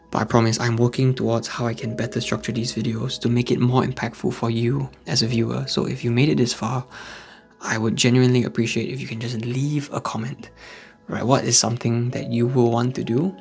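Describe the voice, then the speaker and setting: A Singaporean man with a gravelly edge to his voice talks in a hushed, quiet way, like someone keeping his voice down indoors at night. His pitch sits in an ordinary middle range. Faint music plays softly behind him. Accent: Singaporean English. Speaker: host of a faith-based channel for men. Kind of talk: casual motivational vlog talk. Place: at home indoors late at night. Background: faint background music.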